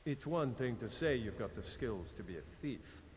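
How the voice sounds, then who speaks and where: Brief: male actor playing a scornful fantasy-game thief, plain mid-pitched voice. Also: expressive, normal speed, natural voice. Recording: game audio from far off.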